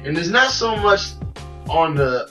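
A man's voice: on the high side, big pitch swings, measured pace, recorded from a distance, over music, poor audio. A man co-hosting a casual podcast, talking loosely and profanely and telling stories with animation. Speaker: podcast co-host.

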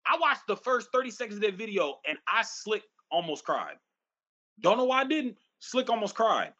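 Lively, emphatic ranting man. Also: high voice, moderate pace, highs cut off. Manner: emphatic, ranting, profane, repeats phrases for force. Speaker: podcast host. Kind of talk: casual podcast conversation.

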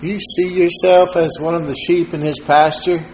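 A man's voice: fairly high pitch, flat delivery, normal speed, darkish tone, roomy sound, a little hiss or hum, poor audio. A man preaching a sermon to his congregation. He quotes scripture with rising fervor and calls on listeners by name. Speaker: pastor.

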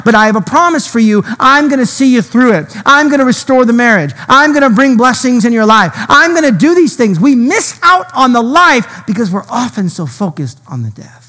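A male pastor preaching a sermon, his delivery dramatic and swinging between loud and hushed. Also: extremely high pitch, big-room sound.

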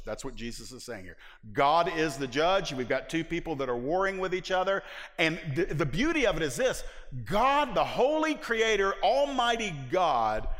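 Emphatic pastor preaching in a reverberant hall. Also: male voice, on the high side, a bit bright. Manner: emphatic, drawls folksy phrases. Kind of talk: sermon.

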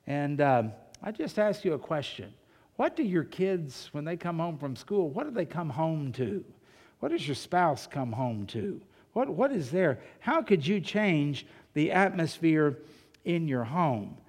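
A man's voice: on the high side, very animated, measured pace, darkish tone. A male pastor preaching a sermon in a church, talking conversationally, asking rhetorical questions and telling humorous anecdotes. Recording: long reverb of a large hall.

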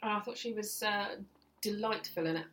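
A woman's voice: medium pitch, normal speed, a bit bright. A woman co-hosting a casual film podcast, enthusiastic and blunt, swearing casually. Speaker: podcast co-host.

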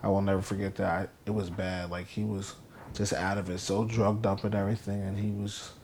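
A young man from New Jersey, a guest in an interview, telling stories casually and acting out the quotes with rising excitement. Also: low-pitched, fairly quick, slight background noise. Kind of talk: casual storytelling.

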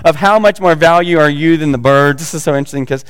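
A man's voice: a little high, quick pace, clear, resonant tone, long reverb tail. A man preaching a sermon as pastor, talking conversationally with joking asides to the congregation.

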